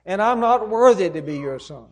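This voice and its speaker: Brief: a preacher acting out a humbled son, contrite and self-abasing, fairly high voice. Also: male voice, expressive, moderate pace, in a large hall. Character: humbled repentant young son.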